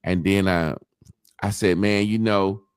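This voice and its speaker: This low-pitched man speaks at a measured pace in a clean tone, captured in echo-free studio sound. As a podcast co-host, he spins a long, profane story in casual conversation, animatedly voicing the quotes of other people.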